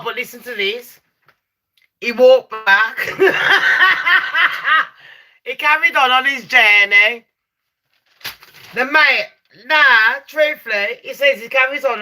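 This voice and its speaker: Young woman, brash streamer voice, bright and highish, sweary with big laughs. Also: measured pace. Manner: loud, sweary, laughs and shrieks often. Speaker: live stream host. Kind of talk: casual storytelling to chat.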